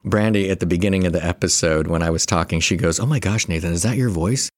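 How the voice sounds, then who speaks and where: A man's voice: low-pitched, fast, no echo, studio quality. A man in his thirties, a therapist co-hosting a podcast, chatting casually and joking, often acting out what others said. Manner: jokey, laughing, quotes others in voices. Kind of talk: casual chat.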